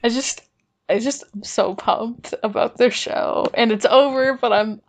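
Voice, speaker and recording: A young woman co-hosting a podcast, chatting casually and excitedly, gushing and swearing freely. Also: on the high side, measured pace. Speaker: podcast co-host. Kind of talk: casual chat.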